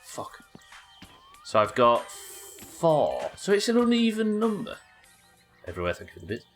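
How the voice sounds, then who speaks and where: A man's voice: on the high side, huge pitch swings, unhurried, soft background music. A man streaming a game live, chatting to viewers and thinking aloud as he plays. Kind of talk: live gameplay commentary.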